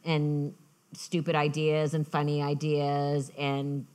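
A woman author talking as a guest in an onstage conversation at a festival. She tells lively anecdotes and often restarts her sentences. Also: low-pitched, takes it slowly, clear, resonant tone. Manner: lively storytelling, frequent restarts. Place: festival stage.

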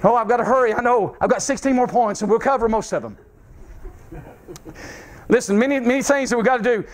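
A preacher, a man, delivers a revival sermon in a church with a strikingly high voice. He is fervent, repeats phrases, and calls out directly to the congregation. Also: a little fast. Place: church sanctuary.

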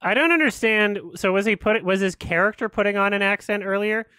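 A man hosting a casual reaction video, laughing often, swearing and breaking into loud excited exclamations between quieter musings. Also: sits high, brisk, clean tone, dry recording, clean studio sound.

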